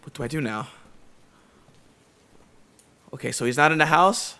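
A young man giving excitable, jumpy commentary while playing a horror game, repeating himself and using slang. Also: a little high, normal speed. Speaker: gamer.

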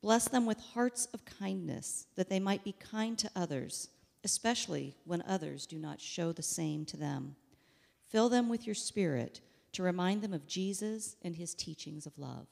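A woman leading a congregation in a steady, reverent pastoral prayer. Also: lowish voice, normal speed, vocal fry, in a large hall. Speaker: worship leader leading prayer.

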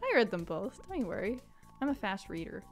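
A woman's voice: medium pitch, sing-song, fairly quick, soft background music. A woman streaming a farming game live, chatting playfully with her viewers and reading their comments aloud. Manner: chatty and playful, answers chat, mock outrage. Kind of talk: casual live-stream chat.

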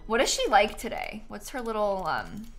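A woman's voice: medium pitch, wildly swooping pitch, normal speed, faint music behind. A young woman streaming a video game live, chatting casually and reading quest text aloud. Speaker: gaming streamer.

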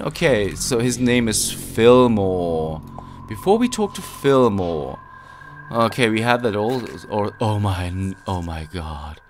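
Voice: sits low, animated, slow pace, slight background noise. A let's play gamer giving casual gameplay commentary, easily spooked and full of nervous exclamations.

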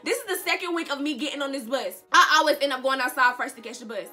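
A woman's voice: high-pitched, animated, fast talker, hardly any pauses, pushed and bright, soft background music. A young woman vlogger telling a dramatic storytime tale in casual slang, speaking straight to her viewers and repeating lines for emphasis. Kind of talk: storytime vlog.

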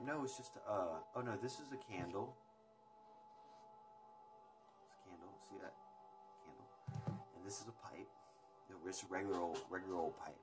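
A young man hosting a casual livestream, chatting loosely with viewers and rambling between topics with the odd swear word. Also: on the low side. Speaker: livestream host. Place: indoors at home. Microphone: phone livestream. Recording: music playing in the background.

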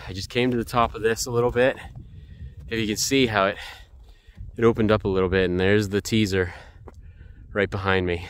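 A man vlogging outdoors on a snowy mountain trail, gushing with excitement and repeating himself, filmed on a handheld camera. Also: fairly low pitch, a little hiss or hum. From United States. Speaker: hiking photography vlogger. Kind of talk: excited vlog narration while hiking.

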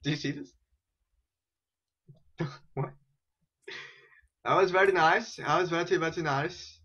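A man hosting a casual gameplay chat, teasing and excitable, talking into a headset mic. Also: on the high side, measured pace, husky, muffled recording. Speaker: gaming channel host.

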